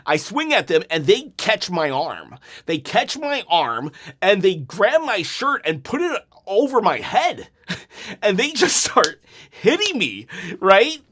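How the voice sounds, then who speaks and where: A man in his forties talks through wrestling clips in a loose, chatty way, often laughing at himself. His voice sits high and swings widely up and down. He keeps it casual, like talking to regular viewers. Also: huge pitch swings, takes it slowly, a bit bright. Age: 40s. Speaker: wrestling commentary youtuber. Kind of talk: casual video commentary and storytelling.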